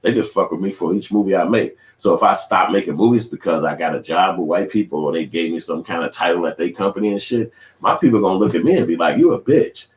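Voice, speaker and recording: A man's voice: deep voice, fast, reverberant. A man, ranting casually to camera in profane, emphatic street talk. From Chicago. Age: 40s. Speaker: independent filmmaker and vlogger. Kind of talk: casual reaction rant to camera.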